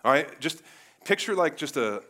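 A man from Cleveland preaching a sermon in a casual, animated way, moving between loud bursts and quiet asides. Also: a little high, moderate pace. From Cleveland, United States. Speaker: pastor.

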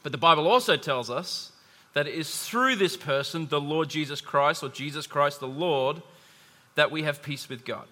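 A man's voice: on the high side, moderate pace, pushed and bright. A man preaching a sermon to a congregation, conversational, with asides and humor. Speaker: pastor. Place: church hall. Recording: long hall reverb.

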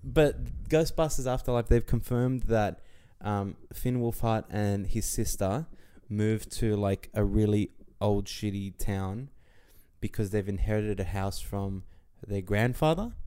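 A young man co-hosting a casual podcast, delivering dry deadpan jokes and mock news anchor bits. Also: lowish voice, unhurried, clear, resonant tone, dry recording. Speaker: podcast co-host. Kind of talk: casual joking chat.

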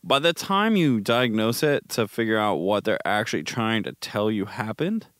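A man's voice: fairly low pitch, big pitch swings, moderate pace, a bit bright, no room sound, studio quality. A man chatting casually and animatedly, swearing freely as he reacts to online posts.

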